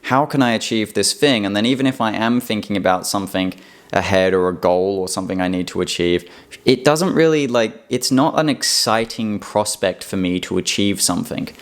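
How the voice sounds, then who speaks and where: Casting note: man, lowish voice, rambling reflective solo monologue. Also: moderate pace. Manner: rambling, reflective, many fillers and restarts. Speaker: vlogger. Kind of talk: casual personal monologue.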